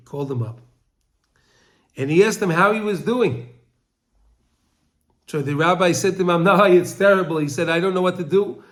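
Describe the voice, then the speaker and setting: A man's voice: a little high, a bit bright. A man teaching a Torah lesson through a story, talking emotionally and stumbling over repeated words, crying out the pleas of the people in the story.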